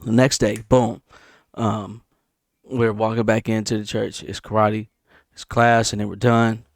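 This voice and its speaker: A man casually telling a story about a dream, animated and repetitive, punctuating it with sound effects. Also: a little slow, vocal fry, no echo, clean studio sound. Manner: animated, repeats himself, sound effects like boom. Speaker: vlogger.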